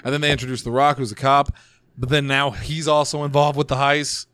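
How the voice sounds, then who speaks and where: Guy rambling about movies, jokey and opinionated, mid-pitch, dry sound. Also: level tone, brisk, a bit bright, dry recording. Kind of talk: casual chat.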